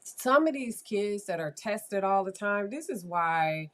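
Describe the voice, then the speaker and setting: A woman's voice: mid-range voice, animated, a little slow, a bit bright. A woman psychologist telling a casual, rambling story, with many fillers and acted-out quotes. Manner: conversational, rambling, with frequent fillers and quoted dialogue. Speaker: child psychologist.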